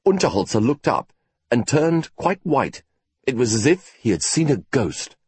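A man reading a novel aloud in a measured, wry storytelling manner. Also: low-pitched, very animated, breathy edge, no room sound. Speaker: narrator. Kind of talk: scripted audiobook narration.

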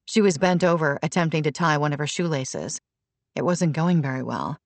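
A woman reading a novel aloud in steady, even scripted narration at a close mic. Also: low-pitched, moderate pace, no room sound. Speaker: audiobook narrator.

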